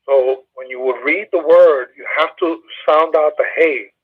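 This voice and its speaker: A man leading a Bible study, patiently and methodically explaining Hebrew grammar with frequent filler pauses. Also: a little high, slightly rough. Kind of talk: Hebrew grammar lesson over a phone call. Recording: tinny phone line.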